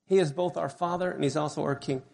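Man, preacher, sermon storytelling, earnest, gravelly, fairly high voice. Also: steady tone, a little mellow, in a large hall. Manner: earnest, measured retelling.

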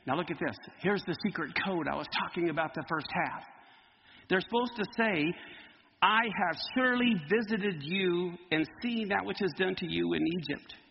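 A man preaching a Bible teaching sermon, lively and emphatic as he explains Hebrew words. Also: high voice, moderate pace, vocal fry, long reverb tail, dull audio, a little hiss or hum.

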